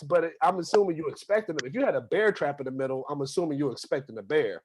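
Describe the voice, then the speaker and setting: A man's voice: on the high side, animated, fast talker, a little hiss or hum. A young man doing a stand-up set at an open mic, talking loosely with plenty of fillers. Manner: loose, conversational delivery with many fillers. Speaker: stand-up comic.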